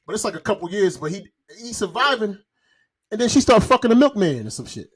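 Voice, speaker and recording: A young man from Florida talks loud and jokey on a podcast. His voice sits somewhat high, and he keeps things rowdy and playful. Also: sing-song, fairly quick, slightly rough. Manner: loud, joking, breaks into improvised raunchy song. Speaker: podcast co-host. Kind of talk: casual comedic chat.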